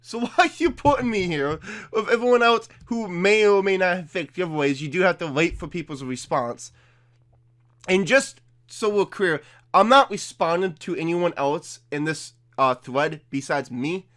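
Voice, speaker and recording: A man's voice: sits high, animated, normal speed, a bit bright. A young man giving casual, defensive video commentary, chatty and full of fillers. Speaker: YouTuber.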